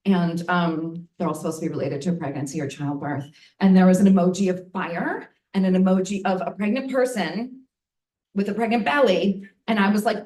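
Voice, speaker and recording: A woman's voice: on the low side, steady tone, a little fast, darkish tone. A woman telling a frank, bawdy comic story to a live audience, laughing at her own lines. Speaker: storytelling performer. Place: live venue in front of an audience. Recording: roomy audience mic from a distance.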